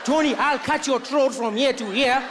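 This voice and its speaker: A man putting on the voice of a bumbling robber who makes loud but unconvincing threats. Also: very high-pitched, moderate pace, noisy background. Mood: blustering. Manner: blustering, shouting, laughing.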